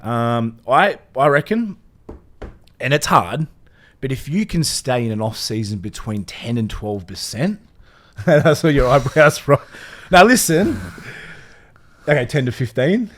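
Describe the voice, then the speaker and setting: A man's voice: medium pitch, lively intonation, measured pace. An Australian man co-hosting a casual podcast, laid-back and rambling, swearing freely. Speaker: podcast co-host.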